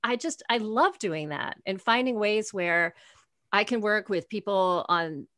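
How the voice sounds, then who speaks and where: A woman's voice: mid-range voice, animated, unhurried, a bit bright, no room sound, clean studio sound. A woman in her forties, an author guest in an interview, talking animatedly, acting out bits of dialogue and laughing often. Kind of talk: conversational interview.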